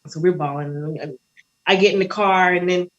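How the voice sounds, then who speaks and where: A woman caller sharing a painful personal story, halting and shaky, with many restarts. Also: on the low side, steady tone, highs cut off.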